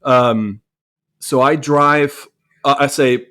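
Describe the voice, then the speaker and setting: A man's voice: mid-range voice, brisk. Candid man telling a personal story. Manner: candid, self-reflective, repeats words when restarting. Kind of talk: conversational storytelling.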